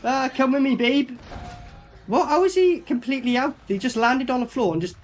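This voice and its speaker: A man's voice: extremely high pitch, normal speed, faint music behind. A man giving a casual, sweary running commentary as he reviews a film. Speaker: movie reviewer.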